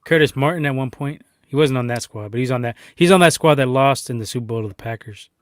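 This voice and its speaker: A mid-pitched man ribs his friend in a loose sports chat, impatient and swearing freely. His voice sits close and dry, with no echo. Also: fast. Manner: teasing, impatient, profane. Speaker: podcast co-host.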